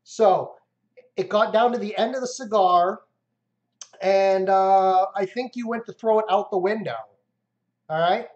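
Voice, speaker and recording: A man co-hosting a casual chat podcast, telling an animated story and acting it out. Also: sits high, measured pace, pauses often. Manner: animated storyteller who acts out the scene. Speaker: podcast co-host. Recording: dull lo-fi recording.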